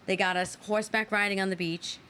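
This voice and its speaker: An American woman hosting a casual live show, telling a funny story with animated, laughing delivery. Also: medium pitch, fast talker, a little hiss or hum. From United States. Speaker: host.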